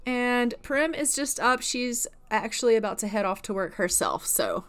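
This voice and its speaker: A woman's voice: on the high side, lively intonation, moderate pace, hardly any pauses. Chatty, giggly woman narrating gameplay. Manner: chatty, full of "like" and "you know"; giggly, laughs often. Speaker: let's-play creator. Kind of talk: casual gameplay commentary.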